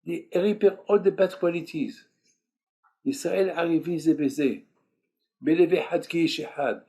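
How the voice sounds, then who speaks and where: An older male rabbi delivering a sermon with a husky, slightly raised voice. He presses each point by repeating it in halting second-language English, dropping Hebrew words throughout. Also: on the high side, mellow. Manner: emphatic, repeats key phrases, sprinkled with Hebrew terms; speaks English as a second language, broken grammar.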